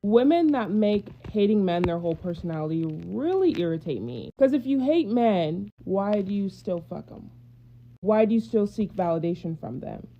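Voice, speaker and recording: A woman's voice: medium pitch, sing-song, normal speed, slight background noise. A woman ranting to camera, exasperated, firing off rhetorical questions, on a dull lo-fi recording.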